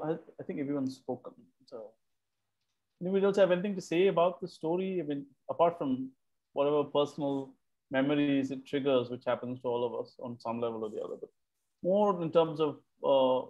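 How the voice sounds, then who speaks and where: A man's voice: medium pitch, a little fast, a little mellow, dull audio. A man hosting a casual book club discussion, chatty, repeating words while he thinks.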